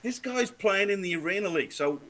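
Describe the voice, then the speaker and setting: A man from Wales, a guest on a sports podcast, telling lively stories, swearing freely and laughing often. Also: high-pitched, fairly quick, rough recording. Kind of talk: casual chat.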